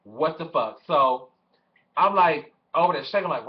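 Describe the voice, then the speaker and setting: Lively young man telling a story. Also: fairly high pitch, measured pace. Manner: animated, swearing, acts out quoted voices. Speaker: vlogger. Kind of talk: casual storytelling to camera. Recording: dull lo-fi webcam audio.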